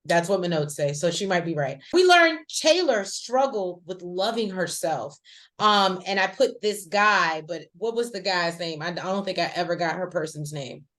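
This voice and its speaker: A woman co-hosting a casual recap chat, talking in a chatty, slangy way with lively asides. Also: fairly low pitch, normal speed. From rural American South. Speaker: podcast co-host.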